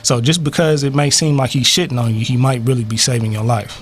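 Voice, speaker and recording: A man's voice: medium pitch, fairly even intonation, fast talker. A man co-hosting a talk radio show, telling a story in a laid-back, slangy way and acting out voices. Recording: faint background noise.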